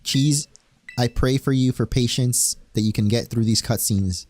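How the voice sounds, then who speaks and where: This young man from Spain streams a game playthrough, joking casually and cheering at what he sees. He speaks unhurriedly, with a medium pitch and a darkish tone.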